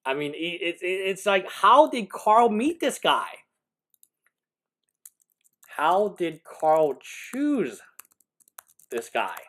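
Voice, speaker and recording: A man's voice: sits high, big pitch swings, very slow, long pauses, a bit bright. A man, a lawyer, giving live reaction commentary, incredulous and laughing, rambling with restarts.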